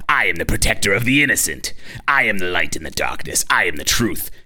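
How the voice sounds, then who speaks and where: A man voicing a menacing male insect-like android villain from a cartoon, reciting in a grandiose, mock-dramatic way and in a deliberately silly voice. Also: deep voice, sing-song, pushed and bright, heavily acted.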